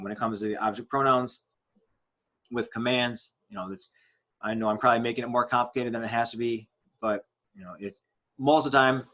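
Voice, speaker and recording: A man with a fairly low voice gives a grammar lesson. He explains step by step as he writes on a board, often pausing with fillers and restarting his sentences. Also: a bit bright. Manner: writes on a board while talking. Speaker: Spanish teacher.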